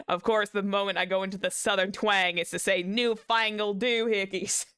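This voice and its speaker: A woman's voice: mid-range voice, little pitch movement, fast, a bit bright, clean tone, dry recording, clean studio sound. A young woman streamer chatting casually while playing a game, giggling and teasing herself. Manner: giggly, self-mocking, laughs often. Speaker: VTuber streamer.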